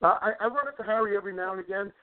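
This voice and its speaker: A middle-aged man with a somewhat high voice, telling animated stories and tripping over repeated words. He comes through a thin, tinny phone line. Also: very fast. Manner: animated anecdote teller, repeats words as he talks. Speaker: guest wrestler. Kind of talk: casual storytelling on a phone call.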